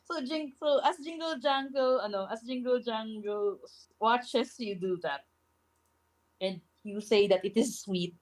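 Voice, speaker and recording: Game master: Filipino woman, fairly high voice, halting narration with frequent laughs. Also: rough recording. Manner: halting, restarting, laughs often.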